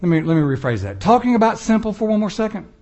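High-voiced man preaching a lively sermon. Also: fast talker, lo-fi sound. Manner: animated preaching, acting out prayers and mocking voices. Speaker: pastor.

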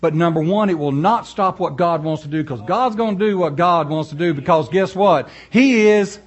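A male pastor, preaching in a folksy, animated way with storytelling asides. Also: fairly high pitch, a little fast, slightly rough, dull audio. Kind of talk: sermon.

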